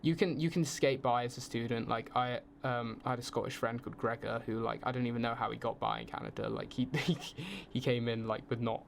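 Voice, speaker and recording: A young British man talks through a relaxed podcast conversation, easygoing and quick to laugh. He restarts his sentences as he thinks aloud, over a faint background hiss. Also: medium pitch, creaky. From United Kingdom. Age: young adult. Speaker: film production student, guest. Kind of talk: casual podcast chat.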